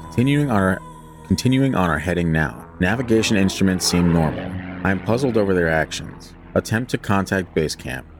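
A man co-hosting a casual podcast, reading a flight log aloud in a deadpan voice and joking between passages. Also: sits low, brisk, over music.

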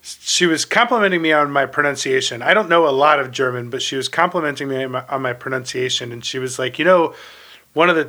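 Bright-voiced man telling a rambling story. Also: mid-range voice, fast. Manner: rambling, many fillers and restarts. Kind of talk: casual podcast storytelling.

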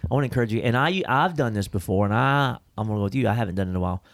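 A man's voice: fairly low pitch, lively intonation, racing. A man hosting a faith podcast, talking in an emphatic, preacherly and jokey way about thankfulness. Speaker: podcast host. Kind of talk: casual faith discussion.

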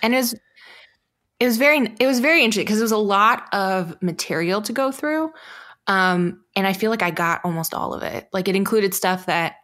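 A woman co-hosting a casual film review chat, animated and laughing, full of likes and ums. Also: mid-range voice, brisk. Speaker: podcast co-host.

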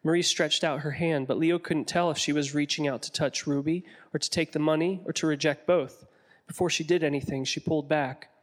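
A man narrating an audiobook in a slightly high voice. He tells the story in a measured, descriptive way, with a steady storytelling pace. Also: in a large hall.

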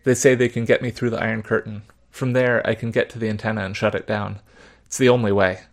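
A man's voice: on the low side, flat delivery, fast, vocal fry. A man voicing a paranoid, fervent middle-aged father who rails about communists in a spoken story. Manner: fervent, conspiratorial, emphatic.

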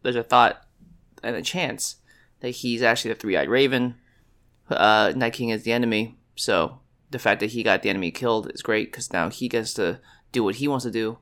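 A man's voice: medium pitch, moderate pace, a bit bright. A man casually talking over a TV show as a podcast co-host, hesitant, with many "uh"s and tag questions. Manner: hesitant, lots of uh and right?. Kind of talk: casual TV recap chat.

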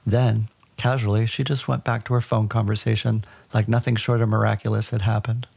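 A man narrating a personal childhood story for a podcast in a wry, deadpan way. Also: lowish voice, a little fast, creaky, husky.

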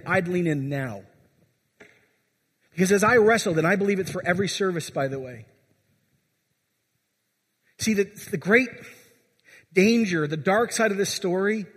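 Man, pastor, sermon, urging, husky voice, long church reverb. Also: sits high. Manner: exhorting, asks the congregation questions.

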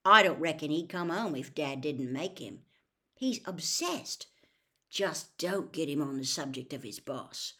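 A woman's voice: sits low, expressive, a little slow, bright, forceful tone, exaggerated voice. Storybook teen boy wizard, sarcastic, grumbling, voiced by a woman narrator.

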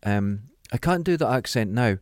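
Agreeable Dundee man, mild Scottish accent, mid-pitched, chatty, dry sound. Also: animated, normal speed, no echo. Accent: light Dundee Scottish. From Dundee, Scotland. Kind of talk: casual chat.

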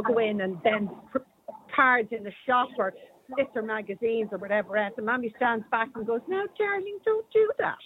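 A woman co-hosting a casual radio chat, outspoken and emphatic. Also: on the high side. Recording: slightly dull radio sound with faint noise.

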